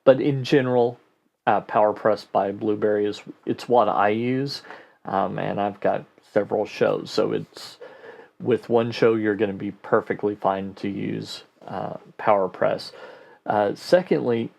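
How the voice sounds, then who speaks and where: A man hosting a casual question-and-answer podcast, answering listener questions in a relaxed way and thinking aloud with fillers. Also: lowish voice, unhurried, creaky, dull audio. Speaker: host.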